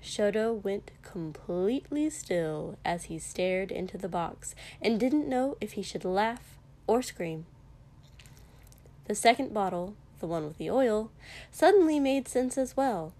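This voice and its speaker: Brief: woman narrating a story audiobook, soft and measured, very unhurried, mid-pitched voice. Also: expressive. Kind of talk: fan fiction audiobook reading.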